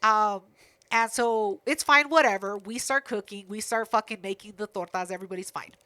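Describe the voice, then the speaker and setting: A woman's voice: mid-range voice, moderate pace, sharp tone, clear, resonant tone. A woman co-hosting a podcast, telling a family story in casual, profane chat. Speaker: podcast co-host.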